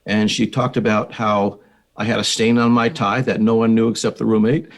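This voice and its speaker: An older man with an American accent, a psychiatrist being interviewed on a podcast, telling his story in a measured, reflective way. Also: fairly low pitch, little pitch movement, creaky. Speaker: psychiatrist and researcher, guest.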